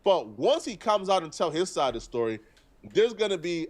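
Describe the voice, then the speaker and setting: A man with a slightly high voice comments on a live stream. He argues earnestly and lays out each point deliberately. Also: very animated.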